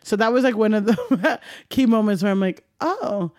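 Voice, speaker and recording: A woman's voice: mid-range voice, fairly quick, dry recording, studio quality. Laughing young woman telling stories. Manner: animated, laughing, swearing, acts out dialogue. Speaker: comedian guest. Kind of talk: candid storytelling interview.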